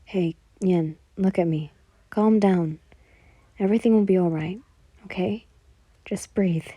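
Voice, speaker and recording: A flat, monotone teenage boy hero, calm and quietly soothing, as a woman reads his lines. The tone stays mellow and close, in a dry room. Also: lowish voice, unhurried, husky, no echo.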